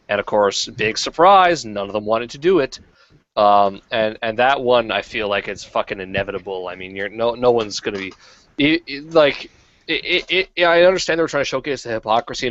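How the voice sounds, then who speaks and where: A man's voice: lowish voice, fairly bright tone, no echo. A man hosting a podcast, chatting casually and profanely with many fillers. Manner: profane, rambling, frequent fillers. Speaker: podcast host. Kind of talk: casual chat. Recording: dull lo-fi podcast audio.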